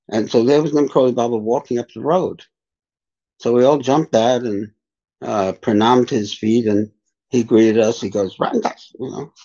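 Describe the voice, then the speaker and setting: Older male spiritual teacher, mellow husky voice, dull lo-fi sound, unhurried storyteller. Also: medium pitch. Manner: unhurried, reflective anecdotes. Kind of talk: storytelling in a podcast interview.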